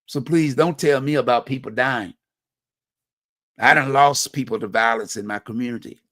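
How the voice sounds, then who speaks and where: A man's voice: mid-range voice, normal speed, a bit bright, no echo, clean studio sound. A middle-aged man from Virginia, hosting a community talk show, speaking bluntly in a repetitive, slangy, conversational monologue. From Hampton Roads, Virginia. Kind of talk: personal monologue on community violence.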